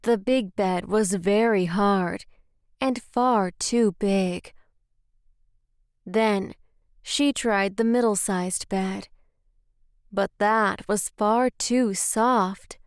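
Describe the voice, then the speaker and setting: Slow, careful woman reading a storybook. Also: medium pitch, clear, resonant tone, no room sound, studio quality. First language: Spanish.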